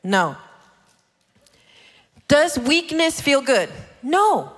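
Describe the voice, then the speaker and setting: A woman in her thirties preaches with an animated, playful delivery, slipping into the voices of the people she quotes. Her voice is high and bright. A long reverb trails each phrase, as in a large hall. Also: very slow. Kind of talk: sermon.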